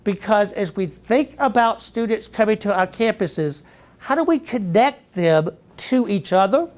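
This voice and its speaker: A middle-aged man from Southeast Georgia with a Georgia accent, giving a keynote speech to educators and telling lively stories that draw in the audience. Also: high voice, measured pace. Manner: lively storyteller who quizzes the audience. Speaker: keynote speaker.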